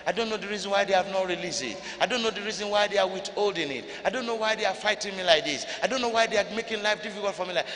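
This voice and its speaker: An older male pastor from Ghana preaching a sermon in a church hall. He repeats phrases for emphasis and swings between loud rises and low drops. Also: quick pace, hardly any pauses. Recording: church hall reverb, light noise.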